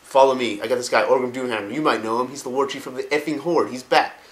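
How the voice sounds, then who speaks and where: A man's voice: medium pitch, steady tone, fast, roomy sound, lightly acted, rough recording. A man voicing a brash young male orc chieftain, talking cocky and profane.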